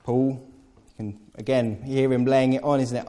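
A man delivers a sermon with a mellow, warm tone at a middle pitch. He talks conversationally, correcting himself as he goes and slipping in playful, acted-out asides for his congregation. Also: fairly even intonation, moderate pace. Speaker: preacher. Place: church hall with congregation.

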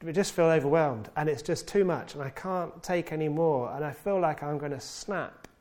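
A man's voice: fairly high pitch, moderate pace, a little mellow. A man preaching a sermon, stressing key words by repeating them and voicing the psalmist's pleas in a raised, pleading tone. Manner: repeats key words for emphasis, occasional stumbles.

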